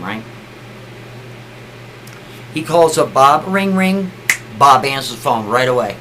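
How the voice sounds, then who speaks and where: A man's voice: mid-range voice, big pitch swings, measured pace, pauses often, a bit bright, slight background noise, poor audio. A man telling a story casually, chatty, often tagging sentences with a questioning aside. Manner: chatty, keeps adding "right?".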